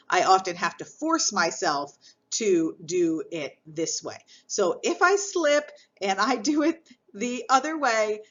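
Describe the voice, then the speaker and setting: A woman's voice: fairly low pitch, muffled recording. A woman teaching a Spanish grammar lesson, explaining patiently step by step.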